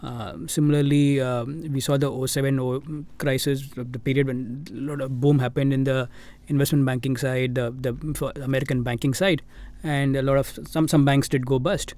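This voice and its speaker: A fund manager with an Indian English accent answers interview questions at a relaxed, thoughtful pace. His voice sits at a middle pitch, and he leans on fillers and restarts as he works through each point. He sounds like a guest giving careful, conversational replies. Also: moderate pace, few pauses.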